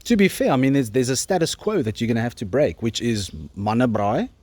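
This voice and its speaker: A man with a mid-pitched voice hosts a casual interview outdoors in a garden. He explains things and prompts his guest with questions. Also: expressive, a little fast, a little mellow, no room sound. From South Africa. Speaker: podcast host.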